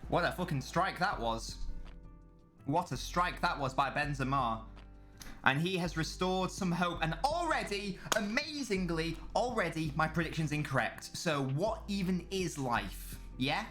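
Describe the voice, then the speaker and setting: A man's voice: on the high side, lively intonation, measured pace, fairly bright tone, soft background music. A man chatting casually as a live streamer during a football watchalong, rambling and swearing freely while answering chat.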